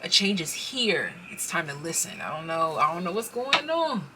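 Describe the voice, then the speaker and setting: A woman giving a casual pick-a-card tarot reading. She speaks straight to the viewer, gets excited, and interrupts herself as she pulls cards. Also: on the low side, moderate pace, noisy background.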